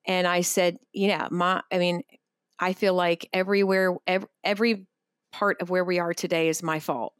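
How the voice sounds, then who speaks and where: Woman, podcast co-host, candid, blunt, fairly low voice, dry close mic. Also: flat delivery, normal speed, smooth, dry recording. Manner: candid and blunt, with casual swearing. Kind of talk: casual podcast conversation.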